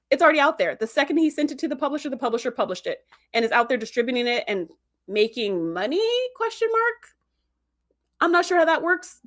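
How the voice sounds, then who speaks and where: A woman with a fairly high voice hosts a podcast and talks through an episode in a loose, chatty way. She rambles, corrects herself mid-sentence and laughs easily. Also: fairly bright tone. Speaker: podcast host. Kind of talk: casual episode recap.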